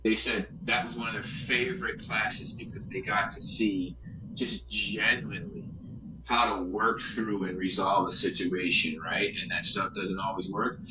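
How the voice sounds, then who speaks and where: A low-voiced man talks earnestly and rambles, circling back over his points. He sits well away from the mic in a roomy, echoey space. The sound is muffled and has loud noise behind it. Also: fairly even intonation, measured pace, far from the mic. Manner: earnest, rambling with many restarts. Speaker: podcast guest photographer. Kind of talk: casual interview chat.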